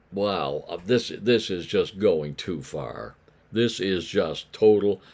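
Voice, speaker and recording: Man, low voice, Bible devotional, animated and conversational, acts out grumbling neighbors. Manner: conversational, asks listeners rhetorical questions. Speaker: preacher. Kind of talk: daily devotional Bible talk.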